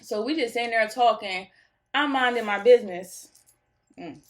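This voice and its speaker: A woman's voice: on the high side, normal speed. A young woman tells a story to her followers in a goofy, laid-back way. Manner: goofy, laughs easily, animated retelling. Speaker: vlogger telling a story. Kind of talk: casual storytime chat.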